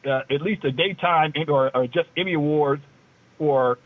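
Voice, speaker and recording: A man's voice: a little high, normal speed, no echo. A man co-hosting a casual talk show, rambling in a loose, joking way. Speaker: co-host. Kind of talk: casual talk-radio chat. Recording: tinny phone line.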